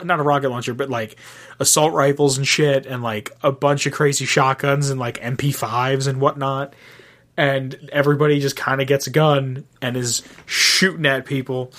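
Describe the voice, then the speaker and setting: A young man in casual conversation, excitedly retelling a movie's scenes, full of fillers and swearing. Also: mid-range voice.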